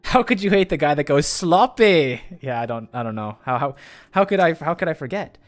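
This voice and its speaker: A man streaming a game live, chatting excitably and rambling with restarts, his voice jumping up on exclamations. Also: a little fast. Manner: excitable, jumps up in pitch on exclamations. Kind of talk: live gameplay commentary.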